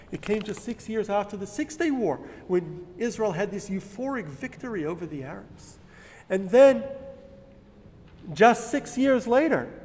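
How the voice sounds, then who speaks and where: A man's voice: sits high, darkish tone, in a large hall. A middle-aged man giving an earnest sermon-style talk, building to emphatic peaks, with fillers and restarts.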